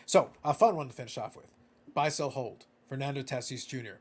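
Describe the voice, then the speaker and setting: Fast-talking, animated male host. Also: mid-range voice, husky. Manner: animated, playful, repeats words when starting. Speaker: podcast host. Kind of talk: casual conversation.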